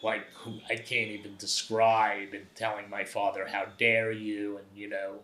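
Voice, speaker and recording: A man, a guest telling personal stories in an animated, conversational way. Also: fairly low pitch, normal speed. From Brooklyn, New York. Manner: animated anecdotal storyteller, acts out quoted voices. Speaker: guest, documentary photographer. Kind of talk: conversational storytelling. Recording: roomy echo.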